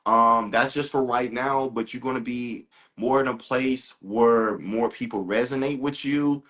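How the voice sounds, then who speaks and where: A man's voice: mid-range voice, steady tone, unhurried, fairly bright tone. A man hosting a live stream as a spiritual reader, chatting casually and with enthusiasm, repeating himself for emphasis. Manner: enthusiastic, repetitive, salesy asides.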